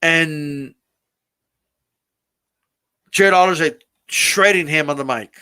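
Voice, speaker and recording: Bright, high-pitched male streamer host, loose and animated, swears freely. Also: takes it slowly, smooth. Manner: animated, repetitive restarts, swears casually. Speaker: streamer hosting a live wrestling talk. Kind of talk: casual ranting commentary.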